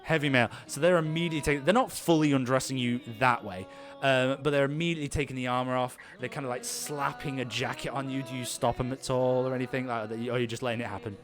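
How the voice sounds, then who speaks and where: A man's voice: medium pitch, steady tone, fast talker, soft background music. A man narrating as game master of an improvised tabletop game, rambling with many restarts. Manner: rambling, lots of fillers and restarts.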